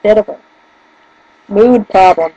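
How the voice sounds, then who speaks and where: A woman's voice: medium pitch, slow pace, dark tone, slightly rough, no room sound, lo-fi sound. A young woman with a northern US accent, chatting casually in a rambling, giggly way. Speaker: vlogger. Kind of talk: casual chat. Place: room at home by a bookshelf.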